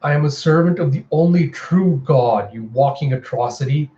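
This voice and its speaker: Guy doing grim zealot hunter, slow and solemn, mellow voice. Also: a little high, roomy sound, dull audio, natural voice.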